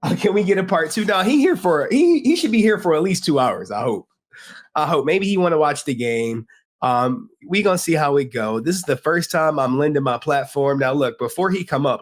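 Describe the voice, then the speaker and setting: Slangy, joking livestream host, a man. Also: fairly high pitch. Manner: loose, joking, talks straight to chat with slang. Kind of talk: casual livestream chat.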